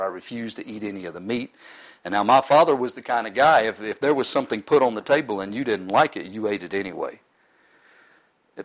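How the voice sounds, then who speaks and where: A man's voice: lowish voice, rough recording. Earnest middle-aged man telling his story. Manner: earnest storytelling, sometimes emotional. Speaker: ministry leader giving his testimony. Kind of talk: personal testimony speech to a live audience.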